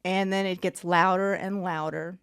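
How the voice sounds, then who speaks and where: A woman telling a story on a podcast, animated and laughing as she goes. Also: on the low side, moderate pace, clean tone, no echo, studio quality. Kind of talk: casual storytelling.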